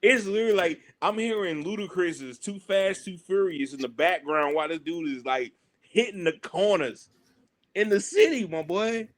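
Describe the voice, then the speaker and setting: Southern man, young, podcast guest, lively yarn-spinner, slightly high voice. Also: normal speed. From Southern United States. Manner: animated, laughing storyteller with quoted voices. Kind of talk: casual storytelling.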